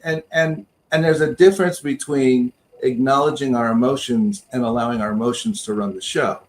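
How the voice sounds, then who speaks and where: A man's voice: mid-range voice, fairly even intonation, normal speed. A man co-hosting a spiritual talk show, speaking in a reflective way and searching for his words. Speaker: co-host minister.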